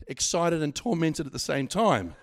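Middle-aged male preacher, high-pitched, animated sermon delivery with stammered restarts. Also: normal speed. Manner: animated, swings from loud exhortation to quiet asides, stammering restarts.

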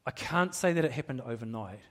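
A man's voice: mid-range voice, animated, a little fast. A middle-aged man preaching a sermon in a church, candid and self-deprecating, laughing at himself and often restarting his sentences. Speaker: pastor.

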